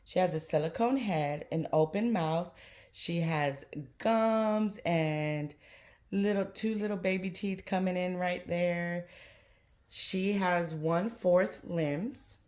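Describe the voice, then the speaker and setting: A chatty woman with a Southern US accent talks casually to her viewers in a slightly low voice. She keeps saying "you guys" as she tells her story. The room sounds echoey around her. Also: slow, darkish tone. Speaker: reborn doll collector vlogger. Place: home doll nursery.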